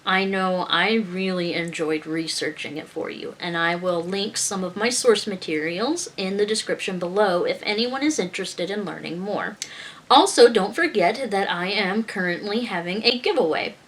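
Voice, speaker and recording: A woman's voice: medium pitch, normal speed. A woman hosting her own video channel, giving a casual sign-off in a chatty, playful way and laughing easily. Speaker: YouTube host and writer. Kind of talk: casual vlog sign-off and bloopers.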